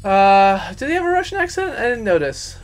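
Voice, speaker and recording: A man's voice: high voice, sing-song, brisk. Guy streaming a game, chatty and self-mocking, lil game music behind. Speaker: gaming streamer. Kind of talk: casual gameplay commentary. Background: faint game music.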